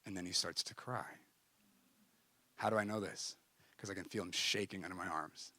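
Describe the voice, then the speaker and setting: Animated male church speaker telling a story. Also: deep voice, moderate pace, no echo. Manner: animated, acts out conversations, frequent "like". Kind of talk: storytelling talk.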